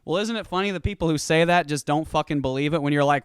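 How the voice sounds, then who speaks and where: A show host delivering a rambling, profane, animated stoned comedy rant. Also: mid-range voice, quick pace, smooth, dry recording, clean studio sound. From California.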